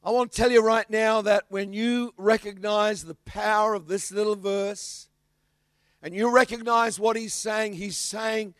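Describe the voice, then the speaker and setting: Australian man, pastor preaching, animated storytelling, higher voice, dry close sound. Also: a little slow, clean tone, dry recording. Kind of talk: sermon.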